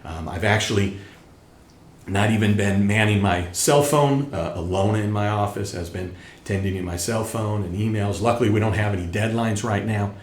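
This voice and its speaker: A man's voice: on the low side, normal speed, a little hiss or hum. A middle-aged man hosting a tax channel, talking straight to viewers in an emphatic way that repeats his points, while still getting over an illness. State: recovering from illness. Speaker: tax educator and channel host. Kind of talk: casual direct-to-camera talk. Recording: echoey room.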